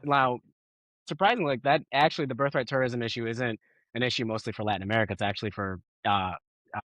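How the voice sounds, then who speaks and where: A former policy official appears as a guest, answering interview questions in a measured, explanatory manner and frequently checking in with "right?". His voice is medium-pitched and fairly bright, with no echo.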